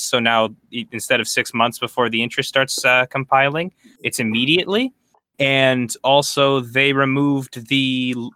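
A man's voice: mid-range voice, sharp tone, no room sound. A young man from Canada co-hosting a podcast, ranting in casual chat with fillers and swearing. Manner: rambling, swearing, halting with fillers. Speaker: podcast co-host.

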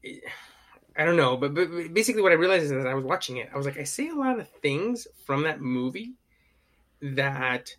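Bright-voiced, excitable man around thirty. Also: fairly high pitch, a little fast. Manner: rambling, enthusiastic, swears often. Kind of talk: casual chat.

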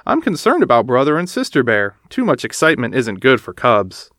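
A fretful, sensible mother bear from a storybook, read by a man. She talks in worried, sighing tones with lively pitch, and it sounds dry and close. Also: brisk, no room sound.

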